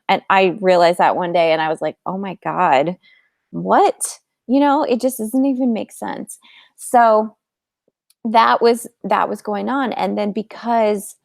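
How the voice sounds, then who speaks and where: A woman's voice: medium pitch, creaky, dry recording, studio quality. A woman coach telling her own story to viewers in a candid, chatty way, with many "like"s. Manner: candid, chatty, heavy use of "like". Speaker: fertility coach. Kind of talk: casual personal storytelling to viewers.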